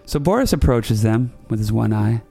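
Gravelly man telling a comic tale. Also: mid-range voice, expressive, normal speed, mellow, soft background music. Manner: rambling, self-correcting, playful. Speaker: podcast host. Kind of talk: comic storytelling.

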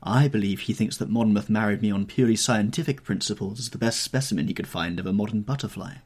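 A man voicing a witty, teasing young aristocratic duchess with quick, playful retorts in an audiobook reading. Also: fairly low pitch, a little mellow, breathy edge.

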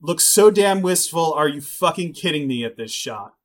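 A man's voice: on the high side, animated, moderate pace. A man co-hosting a podcast, recapping an anime episode in casual chat, reading bits from his notes with wry, profane asides. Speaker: podcast co-host.

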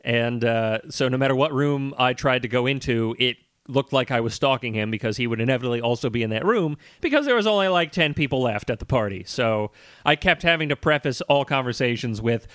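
Male co-host, bright and fairly high voice, deadpan jokes, dry close recording. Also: fairly quick, dry recording. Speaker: podcast co-host. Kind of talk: casual comedic chat.

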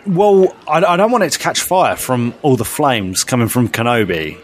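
A man co-hosting a casual fan podcast, ranting in exasperation with big jumps in his voice. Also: normal speed. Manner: animated, exasperated ranting with big pitch swings. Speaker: podcast co-host.

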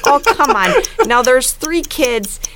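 A woman's voice: high-pitched, animated, slow pace, very noisy, pitched above the performer's own voice. A woman voicing a hapless, down-on-his-luck male car salesman with a put-on Upper Midwest accent and folksy exclamations.

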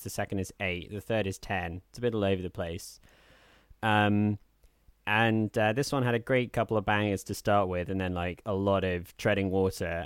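A man with a low, smooth and clear voice chats casually as a podcast co-host, wandering through his thoughts with lots of ums and uhs. The sound is close and dry, with no room around it. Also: no echo. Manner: rambling, with many fillers, dips into a soft, smooth put-on voice. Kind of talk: casual chat.

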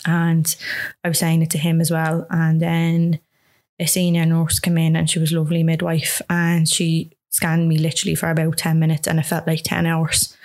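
A woman's voice: deep voice, monotone, normal speed, a little mellow. A young woman telling a personal story in an interview, rambling with many fillers and acting out dialogue.

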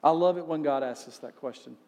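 A man's voice: fairly high pitch, quick pace, darkish tone, long reverb tail. A male pastor giving a sermon in a conversational way, asking rhetorical questions.

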